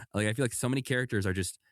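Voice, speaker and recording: A man co-hosting a casual chat podcast, animated, laughing often and acting out quoted lines. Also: mid-range voice, no room sound, clean studio sound. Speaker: podcast co-host.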